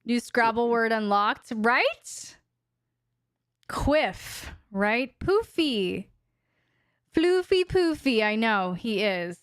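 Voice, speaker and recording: Woman host, candid and chatty, higher voice, smooth and clear, dry close mic, live-stream Q&A. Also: big pitch swings, very slow, no echo. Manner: chatty, frank, talks to her dog in baby talk. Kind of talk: casual live-stream chat. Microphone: desk microphone.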